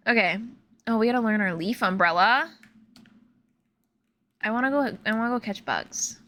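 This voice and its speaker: A young woman from Illinois, a streamer telling stories in casual, animated chat full of fillers while she plays a game. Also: fairly high pitch, moderate pace, long pauses, slight background noise. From Illinois, USA. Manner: animated, chatty, filler-heavy, laughs often. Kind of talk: casual storytelling while gaming.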